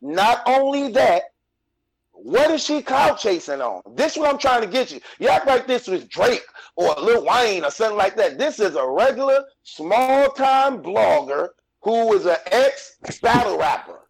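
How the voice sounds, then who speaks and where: A man's voice: high-pitched, big pitch swings, a little slow, gravelly, breathy edge, rough recording. A man arguing insistently in a heated debate, repeating his points. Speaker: blogger caller.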